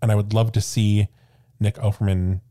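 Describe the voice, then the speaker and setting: Mellow guy on a podcast, thinks out loud, hesitant casual chat. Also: fairly low pitch, level tone, moderate pace. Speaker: podcast co-host.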